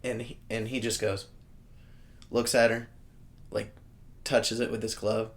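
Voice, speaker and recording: A man's voice: on the low side, level tone, a little slow. A man co-hosting a podcast, trading crude jokes and quips while recapping a horror film. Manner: joking, crude quips and punchlines. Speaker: podcast co-host. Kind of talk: casual movie recap chat.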